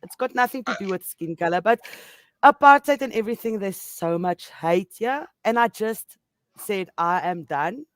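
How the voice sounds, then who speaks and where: A woman's voice: medium pitch, lively intonation, moderate pace, no room sound. A woman from South Africa with a South African accent, hosting a casual podcast conversation and speaking in an emotional way that breaks easily into laughter.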